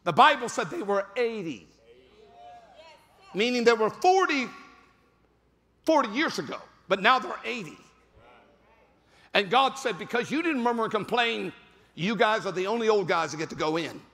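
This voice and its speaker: A male pastor preaching a sermon in a large church, breaking into shouted, rising bursts. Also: sits high, lively intonation, normal speed. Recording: reverberant church hall with music.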